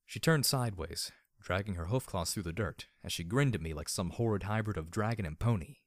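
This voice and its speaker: Male audiobook narrator, very low voice, dry close sound, measured and wry. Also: animated, no echo. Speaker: audiobook reader. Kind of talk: audiobook narration of fan fiction.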